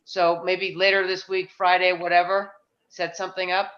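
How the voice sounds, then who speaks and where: A woman's voice: little pitch movement, normal speed, a bit bright. A woman chairing a town planning board meeting, chatty and self-deprecating, thinking aloud with frequent restarts. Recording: muffled low-fi meeting audio.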